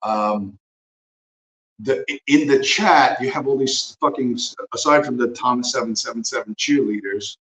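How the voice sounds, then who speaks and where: A man's voice: medium pitch, moderate pace, fairly bright tone, roomy sound, poor audio. A man hosting a livestream, talking in a profane, rambling, sarcastic way. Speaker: livestream host. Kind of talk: casual rambling commentary.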